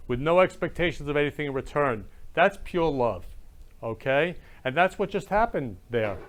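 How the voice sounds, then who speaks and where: A man hosting a talk show, gushing with emotion and often exclaiming, in casual chat. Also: on the high side. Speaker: show host.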